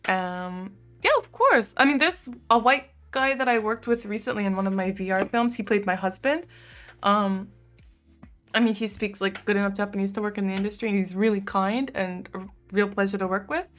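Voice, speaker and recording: A woman's voice: medium pitch, steady tone, a little fast, soft background music. A young woman live-streaming from home, casually chatting and answering viewer comments with lots of "like" fillers. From United States. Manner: chatty, frequent "like" fillers, soft cooing asides to her cat.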